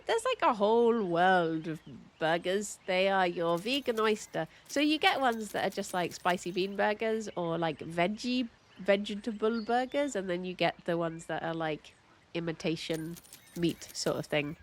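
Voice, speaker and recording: A woman's voice: medium pitch, lively intonation, normal speed, slight background noise. A young woman chatting casually while streaming a game, full of "like"s and frequent laughs. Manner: chatty, many "like"s, laughs often.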